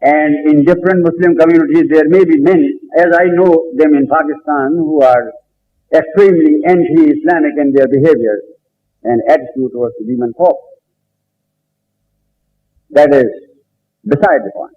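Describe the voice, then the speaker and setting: An older Islamic scholar delivering an earnest, emphatic religious lecture, retelling a debate in which he has to restart some sentences. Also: on the high side. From South Asia. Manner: earnest, emphatic, recounts dialogue with pauses and restarts. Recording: dull lo-fi 1970s lecture tape.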